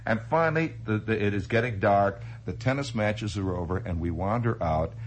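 A man telling an anecdote in a chatty, animated way, laughing through his telling. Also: lowish voice, moderate pace, slight background noise, low-quality recording. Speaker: storyteller. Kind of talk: spoken anecdote.

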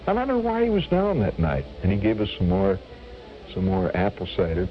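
A man's voice: low-pitched, very animated, a little fast. An older man from Indiana telling a personal war memory on the radio, reminiscing animatedly and restarting his phrases. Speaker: storyteller. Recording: dull lo-fi radio recording with faint music.

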